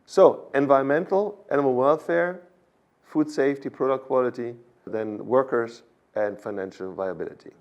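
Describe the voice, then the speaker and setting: A man's voice: mid-range voice, normal speed, highs cut off. A man with a German accent, a guest expert explaining a topic in a podcast interview, in a lecturing way that keeps checking in with "okay?". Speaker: animal science expert guest.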